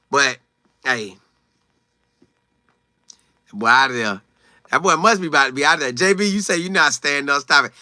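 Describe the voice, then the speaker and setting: A man hosting a live sports talk stream, reading out viewers' comments and answering them with animated, repetitive emphasis. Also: fairly high pitch, normal speed, pauses often, smooth, no room sound, studio quality. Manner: repeats phrases for emphasis, acts out quotes. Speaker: sports talk show host.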